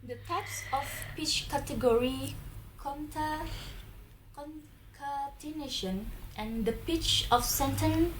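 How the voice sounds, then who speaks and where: A young woman student reads her class presentation aloud at a very slow, careful pace. Her voice sits a little high, and she trips over a word now and then. Faint background hiss runs under the recording. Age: young adult. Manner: slow, careful reading with occasional stumbles.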